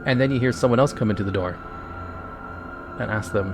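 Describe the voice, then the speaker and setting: A man's voice: on the low side, a little fast. Casual male streamer narrating adventure. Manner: casual, playful storyteller addressing chat. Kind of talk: live-streamed choose-your-own-adventure narration. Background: background music.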